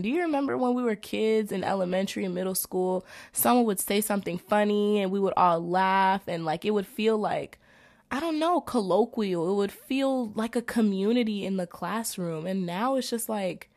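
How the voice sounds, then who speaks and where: A young woman, a college student reading through her notes in an animated, profane, exasperated rant. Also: medium pitch. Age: young adult.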